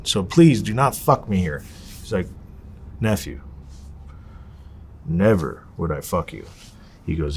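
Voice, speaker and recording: A man in an interview, telling his story with lots of swearing and acting out what people said. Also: lowish voice. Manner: profane, animated, acts out quotes. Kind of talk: candid storytelling.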